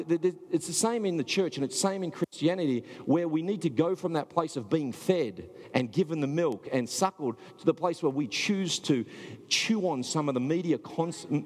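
A man's voice: fairly high pitch, expressive, normal speed, a little mellow, slightly rough, in a large hall. A man preaching a sermon in a loose, conversational way, with filler words and restarts. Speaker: pastor.

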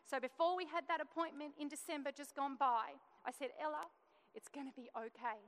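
A woman's voice: high-pitched, fairly even intonation, brisk. Earnest woman testifying in a reverberant hall. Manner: earnest storytelling, acts out quoted dialogue. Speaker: church speaker sharing testimony. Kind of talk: testimony sermon.

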